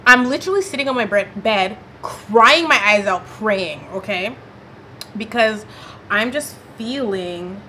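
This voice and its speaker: Bright-voiced woman telling a dramatic story. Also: mid-range voice, slight background noise. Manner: animated, dramatic storytelling with slang. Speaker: vlogger. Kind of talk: storytime vlog.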